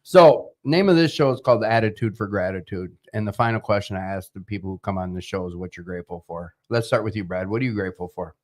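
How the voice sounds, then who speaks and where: A man hosting a casual recovery talk show, excitable and quick to swear and laugh. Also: lowish voice. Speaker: podcast host.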